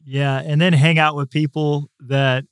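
A man hosting a podcast interview, upbeat and enthusiastic about family life, speaking in quick bursts when excited. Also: a little high, clean tone, no echo, studio quality. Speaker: podcast host, father.

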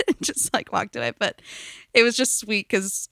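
A young woman co-hosting a casual podcast, with a bright, smooth and crisp voice. She tells chatty stories and acts out the quoted lines. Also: medium pitch, fairly even intonation, fast talker, no echo, studio quality. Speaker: podcast co-host. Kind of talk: casual chat.

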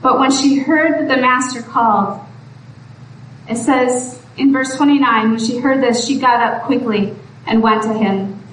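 A woman's voice: a little high, fairly even intonation, unhurried. A woman preacher giving a sermon in an earnest, pleading way that rises to exhortation. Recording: echoey room from far off, faint background noise.

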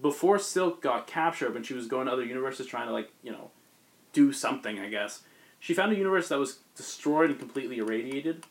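A man's voice: medium pitch, lively intonation, fast. Casual man recapping a comic story. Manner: rambling storyteller acting out characters. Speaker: podcast host recapping comics. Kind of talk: casual chat.

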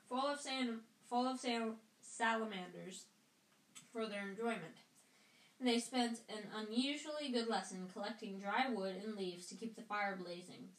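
A woman's voice: medium pitch, a bit bright, reverberant, rough recording. A woman reading a novel aloud at home, often tripping over words and going back to correct herself. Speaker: audiobook reader. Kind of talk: amateur read-aloud of a novel.

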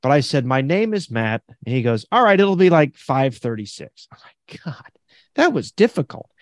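A podcast host chats casually, telling stories with animation and acting out other people's lines. His voice is fairly high with big pitch swings and a moderate pace. The recording is dry, with clean studio sound.

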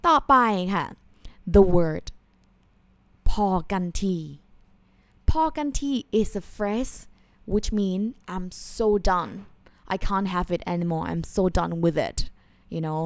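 A woman leads an online lesson at a brisk clip. She explains patiently and slips in polite particles, recorded dry and close with no room sound. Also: fairly low pitch, no echo. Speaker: Thai language teacher.

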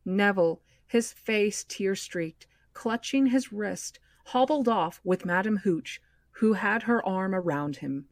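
A woman hosting a book club podcast, reading a novel aloud in a measured, expressive way. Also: mid-range voice, dry recording, studio quality.

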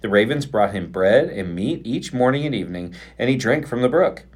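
A man's voice: mid-range voice, animated, fairly quick, husky. A male pastor on a podcast, reading Bible passages aloud expressively and bantering playfully with his co-host.

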